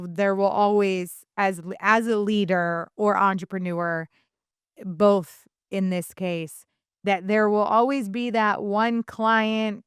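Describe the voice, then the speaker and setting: A woman in her thirties co-hosting a podcast, telling stories in a chatty, animated way with many restarts. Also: mid-range voice, clean tone, dry recording, clean studio sound. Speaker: podcast co-host. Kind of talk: casual podcast chat.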